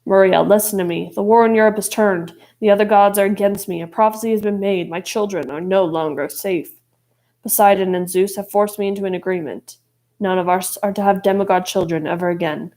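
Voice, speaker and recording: A woman voicing a gloomy, brooding male god of the dead, speaking low and pleading. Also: fairly even intonation, fairly quick, a little mellow, lightly acted.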